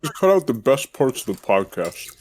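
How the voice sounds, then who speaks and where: A man's voice: mid-range voice, sing-song, normal speed, a little mellow, no room sound. A young man on a podcast, talking bluntly and offhandedly in casual chat. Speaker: podcast member.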